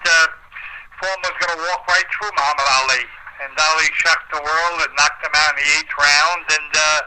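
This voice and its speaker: A man's voice: a little high, noisy background. An older man, a retired boxer, telling long stories in an interview with many fillers. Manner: rambling storyteller, frequent uh fillers. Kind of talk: storytelling interview.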